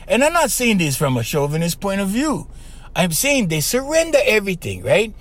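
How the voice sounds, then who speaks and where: Podcast guy giving dating advice, kinda high voice, super animated, keeps saying okay and right. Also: normal speed. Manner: lively, emphatic, repeats "okay" and "right". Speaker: podcast host. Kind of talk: casual advice monologue.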